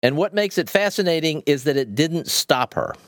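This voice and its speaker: A man's voice: fairly high pitch, expressive, moderate pace, no room sound. A man co-hosting a podcast, upbeat and chatty, reading listener reviews aloud. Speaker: podcast co-host. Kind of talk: casual podcast chat.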